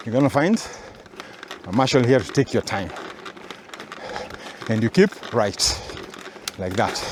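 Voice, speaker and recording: A breathless man talks the viewer through a mountain bike route while he rides, his voice slow and unhurried. Faint wind and road noise sit under his words, picked up by a camera on the bike. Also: mid-range voice. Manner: chatty, explains the route between breaths. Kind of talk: talking while riding, route commentary. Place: outdoors on a trail, riding a bike.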